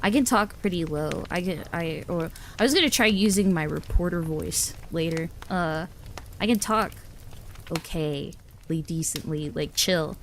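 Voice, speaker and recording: A woman's voice: on the low side, unhurried, a little hiss or hum. A woman livestreamer chatting casually with her viewers, rambling, giggling often and restarting her sentences. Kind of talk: casual chat with live chat.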